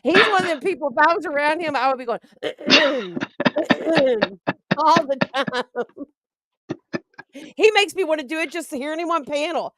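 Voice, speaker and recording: A woman's voice: high-pitched, fairly quick, fairly bright tone, dry recording. A woman co-hosting a podcast, chatting casually and laughing often. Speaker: podcast co-host. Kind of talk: casual chat.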